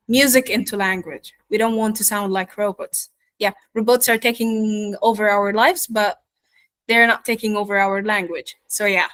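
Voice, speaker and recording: A woman teaching an online pronunciation lesson, speaking slowly with many fillers and checking in with "yeah?" and "okay?", her first language Arabic. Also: medium pitch, a bit bright, no echo. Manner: slow, many fillers, asks "yeah?" and "okay?" after points. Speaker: accent teacher.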